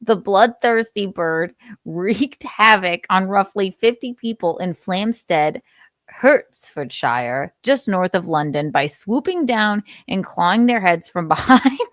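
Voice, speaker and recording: A woman's voice: medium pitch, animated, takes it slowly, dry recording, clean studio sound. A young adult woman hosting a casual live stream, reading news aloud with frequent laughs and some swearing. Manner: giggly, profane, chatty. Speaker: host.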